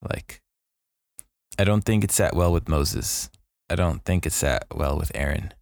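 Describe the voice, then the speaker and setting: A man in a casual faith discussion, thinking aloud slowly with restarts. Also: rumbling low, gravelly, darkish tone, no echo, studio quality. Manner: slow, thoughtful, restarts as he reasons aloud.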